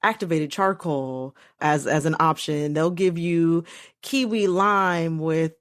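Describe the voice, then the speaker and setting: A woman from Los Angeles co-hosting a podcast in casual chat. She is animated, laughs often and swears freely. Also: deep voice, slow pace. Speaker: podcast co-host.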